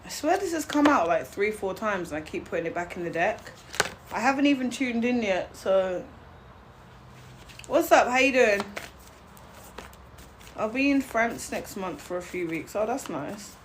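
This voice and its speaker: A woman's voice: mid-range voice, expressive, unhurried, long pauses. A young woman chats loosely on a live stream, greeting viewers and laughing a lot. She is blunt and unfiltered, and a faint hiss of background noise sits under her voice. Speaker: livestream tarot reader. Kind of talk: casual live-stream chat.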